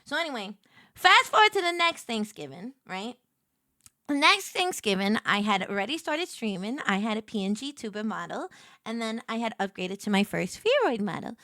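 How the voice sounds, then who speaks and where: A woman in her thirties, a streamer, telling a long personal story in casual chat, animated and rambling, laughing often and jumping into excited high voices when she quotes herself. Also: moderate pace, no echo, clean studio sound.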